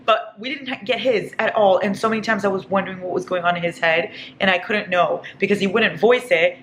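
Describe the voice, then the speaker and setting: A woman's voice: medium pitch, brisk. Gushing young woman book vlogger. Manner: gushing, excitable, swears casually. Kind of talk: casual reading vlog. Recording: echoey room with faint noise.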